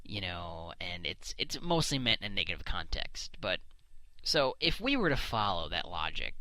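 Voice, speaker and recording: Solo commentary host, male, ranting bluntly into a desk mic; very bright tone, lively swooping pitch. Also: normal speed, no room sound, rough recording. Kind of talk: unscripted opinion monologue. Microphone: desk microphone.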